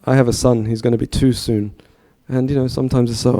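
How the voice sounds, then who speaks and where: Mellow-voiced guy telling a story at a temple talk, chatty, keeps asking the crowd questions. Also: medium pitch, level tone, quick pace. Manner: chatty, asks the audience questions. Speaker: speaker giving a temple talk. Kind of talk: storytelling sermon.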